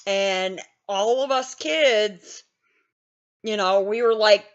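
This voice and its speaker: A woman's voice: medium pitch, slow, smooth, muffled recording. A woman in her fifties telling a story in a casual, blunt way, laughing often and swearing freely. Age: 50s. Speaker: gaming channel host.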